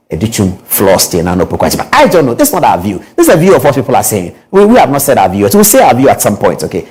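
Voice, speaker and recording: A man's voice: on the high side, rough recording. A Ghanaian man hosting a studio show, giving political commentary with a stream of rhetorical questions. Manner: lively, repetitive rhetorical questions. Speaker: host.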